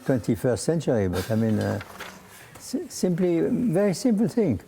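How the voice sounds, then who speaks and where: An older man with a French accent coaching a young conductor in a concert hall, direct and halting, singing phrases out in syllables. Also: a little high, huge pitch swings, gravelly, dark tone, a little hiss or hum. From France. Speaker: conducting teacher. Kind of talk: masterclass coaching. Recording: roomy concert hall reverb.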